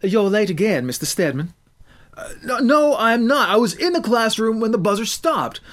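A man's voice: high-pitched, big pitch swings, moderate pace, fairly bright tone, pitched above the performer's own voice. A man voicing a cold, strict female teacher who lectures in a nagging tone. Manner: nagging, rule-bound.

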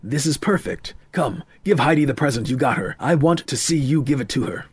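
A man voicing a sinister, scheming older father who speaks calmly and quietly, in an audiobook. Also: medium pitch, brisk, slightly rough.

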